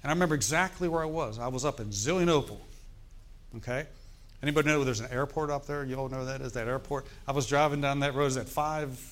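Animated pastor preaching. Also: male voice, mid-range voice, fast. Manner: conversational, animated, asks the congregation questions. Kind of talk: sermon storytelling.

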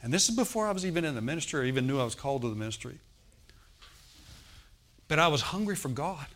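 A man's voice: a little high, animated, fast, a bit bright. A man preaching a sermon, telling a personal healing story and often asking the congregation "Amen?". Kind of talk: sermon testimony.

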